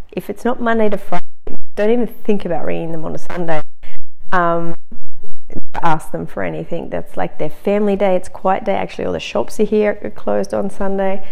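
A woman telling a personal story in an animated, conversational way, with frequent fillers and sudden emphatic bursts. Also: fairly low pitch, gravelly. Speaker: motivational speaker on manifesting.

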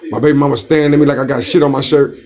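A man telling stories in a casual chat, loud and animated, acting out the voices of the people in them. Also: mid-range voice, very fast. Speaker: storyteller in a casual conversation.

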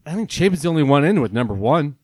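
Guy cohost swearing a ton, blunt, kinda high voice, dry room. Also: quick pace, no echo. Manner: blunt, swears a lot, animated. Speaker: podcast co-host. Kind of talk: casual banter. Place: table in a dry studio room.

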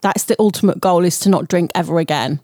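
A woman's voice: lowish voice, fast, darkish tone, dry recording. A woman in her forties from England, co-hosting a podcast in casual chat with a dry, sardonic manner. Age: 40s. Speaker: podcast co-host.

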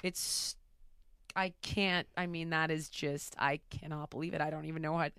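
A woman talking in a casual interview, telling stories in a blunt, profane, animated way. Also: low-pitched, moderate pace, smooth, no room sound, clean studio sound. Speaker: podcast host answering rapid questions.

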